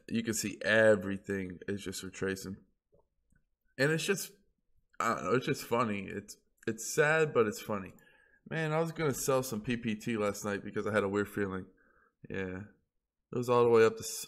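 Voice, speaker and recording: A man's voice: on the low side, fairly bright tone. Heated, profane man ranting on camera. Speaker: crypto video blogger. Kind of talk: casual ranting monologue.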